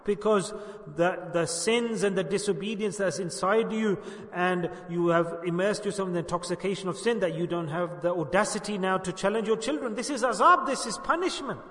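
A man delivers an impassioned sermon. His voice sits high and rises and falls as he acts out the voices of the people he quotes. The sound rings with the long reverb of a large hall. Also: moderate pace, a bit bright. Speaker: preacher.

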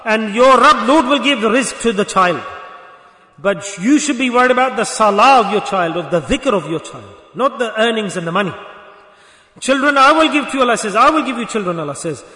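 High-voiced preacher man in echoey hall. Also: animated, brisk, sharp tone. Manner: exhorting, rhetorical questions to the congregation. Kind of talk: sermon.

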